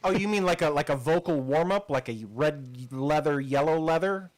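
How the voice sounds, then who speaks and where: A man's voice: on the high side, moderate pace. Chatty man telling a story on a podcast. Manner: storytelling, chatty, laughing asides. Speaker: podcast co-host. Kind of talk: casual chat.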